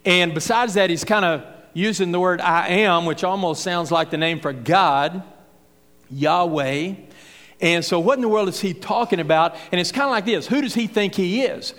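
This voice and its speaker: A man preaches an expository, verse-by-verse sermon in a folksy, conversational style, acting out the voices of the crowd and of Jesus. His voice sits high and fairly bright, and he speaks at a moderate pace. The recording has a long hall reverb.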